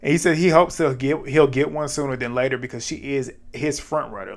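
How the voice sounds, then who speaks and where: A man with a mid-range voice recaps a reality dating show in loose, casual chat. He laughs often, drops quick side remarks and talks to his viewers like friends. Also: mid-range voice, animated.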